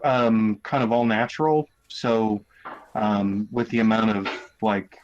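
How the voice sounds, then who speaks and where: A man co-hosting a casual podcast chat, talking in halting bursts full of ums and restarts. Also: fairly low pitch, fairly even intonation, a little mellow. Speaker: podcast co-host. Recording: dull lo-fi audio.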